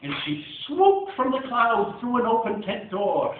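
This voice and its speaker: Man reading a rhyming storybook, animated. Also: very high voice, unhurried. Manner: animated, playful rhyming delivery. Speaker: storybook reader. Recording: tinny, echoey, distant recording.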